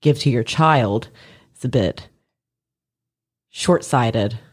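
Woman, former nurse, casual storyteller; animated, profane, mimics voices, laughs often. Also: rumbling low, takes it slowly, husky. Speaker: former labor and delivery nurse. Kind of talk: casual chat.

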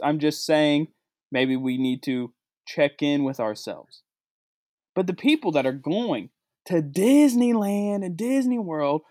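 A man's voice: on the high side, darkish tone, no echo, clean studio sound. Sarcastic man ranting for laughs. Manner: sarcastic, swinging from mutters to outbursts. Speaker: comedic vlogger. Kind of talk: comedic rant to camera.

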